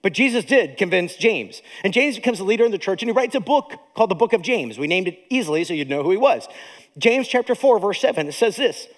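A man preaching a sermon as a pastor, animated, with dramatic pauses. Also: sits high, long reverb tail.

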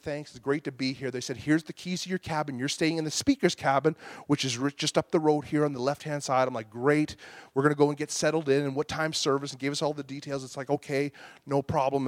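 A man preaches in a fairly high voice, recorded close and dry with no room around him. He tells a story from his life, acting out his own angry outbursts and the softer replies. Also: no echo. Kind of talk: storytelling sermon.

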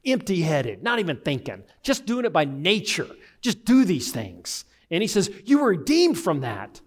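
A man preaching a sermon, animated, acting out the voices of people he quotes. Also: sits high, normal speed. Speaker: pastor.

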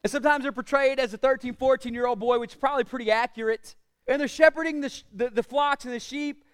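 A man preaching a sermon as pastor, asking the congregation questions and swinging between loud declarations and quiet asides. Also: very high voice, fast talker, smooth. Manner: preaching with rhetorical questions and call-outs to the congregation.

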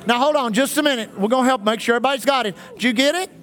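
A man's voice: very high-pitched, racing, a bit bright. A man preaching at a charismatic church service, calling out to the congregation. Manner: fervent, calls out to congregation.

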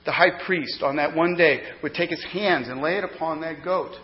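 A man preaching a sermon as pastor, emphatic, swinging between loud declarations and hushed explanation. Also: fairly high pitch, normal speed. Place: church sanctuary. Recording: dull lo-fi sound with long hall reverb.

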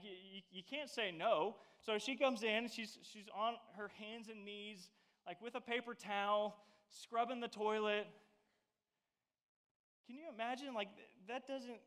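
A man giving a casual youth sermon, with animated, playful and exaggerated storytelling aimed at a young audience. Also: high voice, unhurried.

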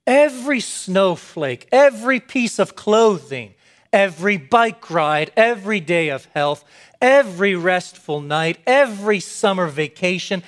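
A man preaching a sermon, moving from low, measured statements to excited, emphatic declarations. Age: adult with young children.

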